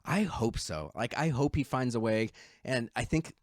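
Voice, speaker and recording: A man's voice: mid-range voice, normal speed, no room sound, studio quality. A man co-hosting a podcast, chatting casually and enthusiastically about a film, swearing freely and acting out lines from it. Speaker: podcast co-host.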